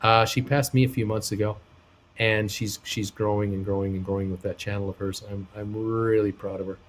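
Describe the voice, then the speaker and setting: A man's voice: fairly low pitch, flat delivery, fairly quick, slight background noise. A man hosting a live travel stream, reading viewer comments aloud in a casual, hesitant way with many fillers, upbeat when asking for thumbs ups. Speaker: live show host reading chat.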